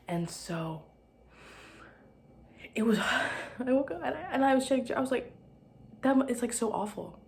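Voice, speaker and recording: Here the same tired young Arkansas podcaster, light Southern lilt intact, sounds higher and more animated at a normal pace, with a gravelly edge. She rambles casually on her own show, pauses often and drops to a whisper now and then, over a faint hiss or hum.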